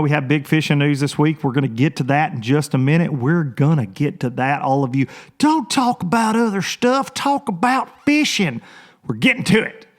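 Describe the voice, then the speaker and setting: A man hosting a casual solo podcast, rambling and chatty, energetic, and often repeating his phrases. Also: on the high side. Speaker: podcast host.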